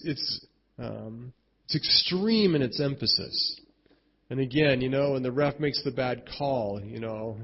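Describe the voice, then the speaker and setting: A man's voice: fairly high pitch, slightly rough, muffled recording. A man preaching a sermon in a conversational way, often asking "right?" and restarting his sentences. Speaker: pastor.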